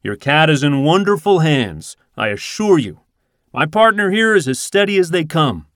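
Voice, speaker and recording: A man voicing a loud, hearty detective reassuring a worried woman. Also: a little high, big pitch swings, moderate pace, no echo, clean studio sound, pitched above the performer's own voice. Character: hearty confident male detective.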